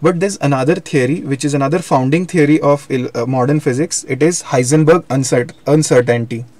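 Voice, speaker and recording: This young man's voice is fairly high and darkish, and he speaks briskly. Teaching physics in a live online lecture, he walks through ideas step by step, repeats points, and self-corrects along the way.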